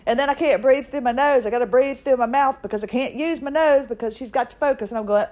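A middle-aged podcast host rattles through a personal story quickly, chatting casually and teasing herself along the way. Her voice is a touch high and somewhat mellow.

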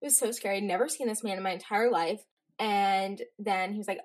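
A teenage girl hosting her own podcast, telling stories in a chatty, rambling way with quick asides. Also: medium pitch, animated. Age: teens. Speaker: podcast host. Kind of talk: casual solo podcast chat.

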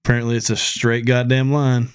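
A man's voice: medium pitch, flat delivery, brisk, smooth. A man in his thirties hosting a podcast, ribbing the others in profane, teasing banter. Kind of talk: casual chat.

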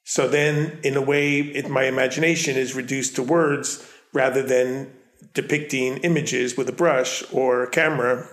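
A man's voice: medium pitch, steady tone, normal speed, fairly bright tone. Middle-aged man with a Long Island accent, artist guest who rambles and self-corrects, recorded in an echoey room. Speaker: artist and curator, interview guest. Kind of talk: casual interview conversation. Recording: roomy echo.

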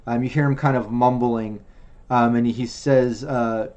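A man's voice: medium pitch, measured pace, lo-fi sound. A man narrating as game master of a tabletop role-playing game, with lots of ums and uhs. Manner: relaxed, filler-heavy narration.

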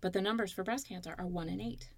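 Gravelly, earnest woman guest. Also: medium pitch, fast talker, darkish tone, dry recording. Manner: emotional, earnest, storytelling. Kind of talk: candid interview conversation.

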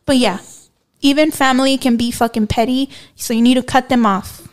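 A woman's voice: high voice, steady tone, normal speed. A young woman hosting a podcast, chatting casually and bluntly, swearing freely as she tells a story. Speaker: podcast host. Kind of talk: casual chat.

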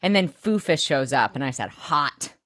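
A woman co-hosting a podcast, recapping a TV episode in casual chat, swearing freely and making quick asides. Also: extremely low pitch, sing-song, dry recording, clean studio sound. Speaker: podcast co-host.

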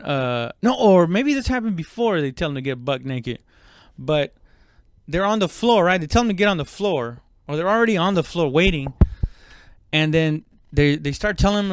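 Recorded in a clean studio with no room sound, a man with a slightly high, clean-toned voice tells a casual story. He rambles, restarts constantly, and uses lots of fillers. He's foul-mouthed and loudly performs quoted dialogue.

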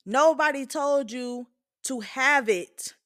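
Host, woman, 20s: candid, profane, emphatic monologue; slightly higher-pitched voice. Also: slow pace, fairly bright tone. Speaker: podcast host.

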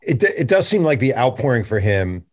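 A man's voice: mid-range voice, sing-song, normal speed. A man hosting a podcast, asking questions in a casual, chatty way with plenty of fillers. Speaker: podcast host. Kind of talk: casual interview chat.

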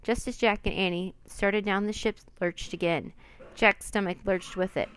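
A woman reading a children's adventure book aloud, with expressive, dramatic narration. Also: mid-range voice, moderate pace, smooth.

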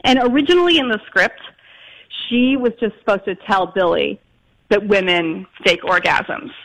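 A man from Chicago is a guest author in an interview. He tells anecdotes briskly, with lots of little fillers. His voice has a bright, forceful edge. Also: sits high, low-quality recording. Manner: lively anecdote-telling with fillers. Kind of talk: storytelling interview.

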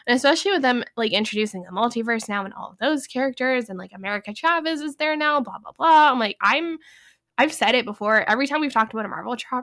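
A young woman with a fairly bright voice on the high side co-hosts a casual movie review podcast. She rambles, swears, and fills nearly every sentence with "like" and other fillers.

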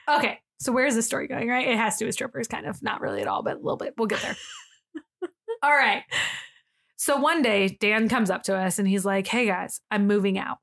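A young woman co-hosting a podcast, telling a story in casual chat, animated, laughing often and acting out the people in it. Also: on the high side, fairly quick, gravelly. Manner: animated, laughing, acts out quoted voices. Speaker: podcast co-host.

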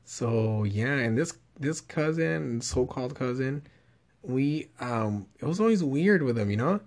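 A man's voice: mid-range voice, unhurried. Young socal guy telling a wild story, swears a ton, rambles on, regular mid voice. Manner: profane, rambling, animated storytelling. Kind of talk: casual chat.

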